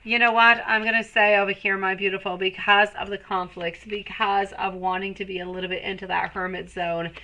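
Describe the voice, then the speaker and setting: A woman's voice: medium pitch, flat delivery, a little fast, few pauses, pushed and bright, rough recording. A woman giving a live-stream tarot reading, chatty and affectionate, calling viewers sweetie. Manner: chatty, rambling with restarts. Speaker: tarot reader.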